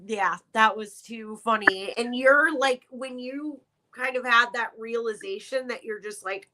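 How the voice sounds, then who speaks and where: A woman's voice: on the high side, unhurried, sharp tone. A woman chatting as a guest on a crochet livestream, giggly and sympathetic.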